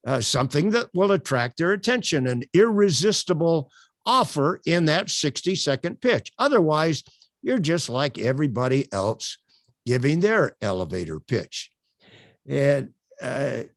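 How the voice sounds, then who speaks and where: Animated man teaching a webcam workshop. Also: fairly high pitch, dry recording, studio quality. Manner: animated, emphatic, with frequent uh fillers. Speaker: workshop instructor. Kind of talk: live online workshop teaching.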